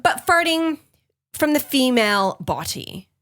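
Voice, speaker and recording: Giggly young woman co-host with a lively, bouncy voice, for casual chat. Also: high-pitched, unhurried. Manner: chatty, giggly, teasing. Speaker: podcast co-host.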